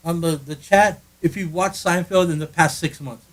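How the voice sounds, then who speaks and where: A man's voice: a little high, moderate pace, low-quality recording. A man co-hosting a casual podcast from a friend's living room, rambling and joking with lots of restarts. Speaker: podcast co-host. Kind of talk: casual chat.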